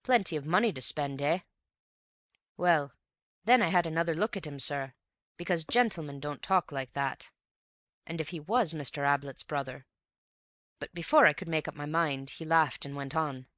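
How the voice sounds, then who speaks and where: A woman's voice: sits low, moderate pace, long pauses, fairly bright tone, no room sound, studio quality. A woman voicing an older male lodge-keeper who speaks in plain rustic phrases and keeps saying "sir.". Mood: earnest, wary. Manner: rustic speech, deferential "sir".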